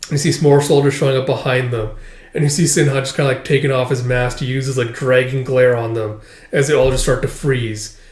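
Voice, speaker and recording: A man casually retelling a comic chapter panel by panel, reading out the dialogue between relaxed, filler-heavy asides. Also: medium pitch, a little fast. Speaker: manga reader and commentator. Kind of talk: casual manga read-through. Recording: roomy echo.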